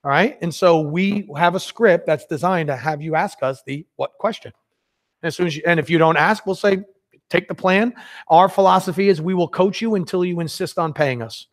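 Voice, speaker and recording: Animated male sales workshop presenter. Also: on the high side, fairly quick. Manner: energetic, conversational, acts out sales dialogues. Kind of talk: live workshop teaching.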